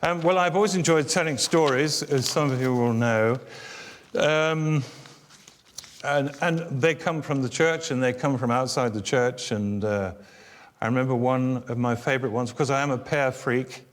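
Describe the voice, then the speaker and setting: A man's voice: mid-range voice, normal speed. Older UK man, author, wry self-deprecating storyteller, reverberant church hall. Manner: wry, self-deprecating, building to animated exasperation. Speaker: author and guest speaker. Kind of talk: humorous storytelling talk. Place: church venue before an audience.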